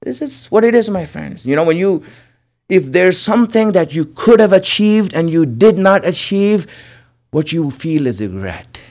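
A man's voice: high voice, normal speed, a little mellow. A man giving an earnest religious sermon, repeating phrases for emphasis and calling his listeners his friends. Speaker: preacher.

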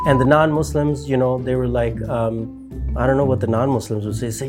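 A man's voice: mid-range voice, steady tone, brisk, over music. A man giving a rambling, casual monologue commentary, full of fillers and mocking asides. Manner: rambling, heavy with fillers, mocking put-on voices. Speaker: political commentator.

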